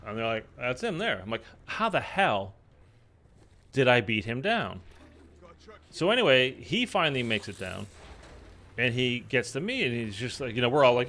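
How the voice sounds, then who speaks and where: A man telling a personal story in casual chat, rambling with many fillers and loudly acting out quoted lines. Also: mid-range voice, big pitch swings, moderate pace, long pauses. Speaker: streamer. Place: in Los Angeles.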